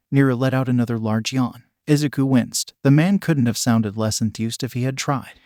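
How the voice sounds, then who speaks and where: A man narrating a fan fiction story in an even, plain storytelling manner. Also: medium pitch, normal speed, hardly any pauses, no room sound, studio quality.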